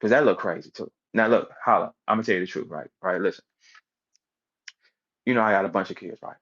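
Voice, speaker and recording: A man's voice: low voice, fairly quick, fairly bright tone, highs cut off. A man giving a casual, emphatic rant as a commentator, repeating words and acting out the people he quotes. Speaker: battle rap commentator.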